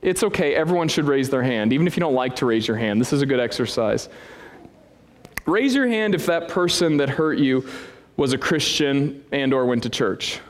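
A man preaching as a pastor, telling a self-deprecating story with big swings in pitch. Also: expressive, normal speed. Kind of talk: sermon. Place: church hall with a congregation. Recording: long reverb of a church hall.

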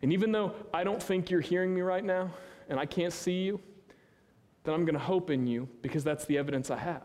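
A man delivers a sermon in a church sanctuary, his slightly high voice carried by a long hall reverb. He preaches earnestly and conversationally, lifting his voice for emphasis and sinking into quiet, hushed asides. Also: fairly quick. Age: 30s. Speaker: pastor.

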